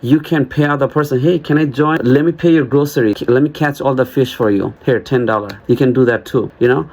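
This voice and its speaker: A man's voice: medium pitch, brisk, darkish tone. A man vlogging in a rambling, joking monologue who acts out little dialogues as he goes. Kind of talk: casual monologue to camera.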